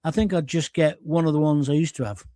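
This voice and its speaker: An older man with a fairly high, warm voice talks fast, with no room sound. Hosting a live online talk show, he rants bluntly and sarcastically, reading viewer comments and mocking people in little skits.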